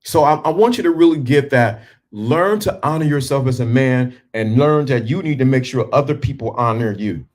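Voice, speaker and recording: A man's voice: mid-range voice, normal speed. Emphatic male motivational speaker. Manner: emphatic, swings from punchy to hushed and calm. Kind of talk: motivational talk to men.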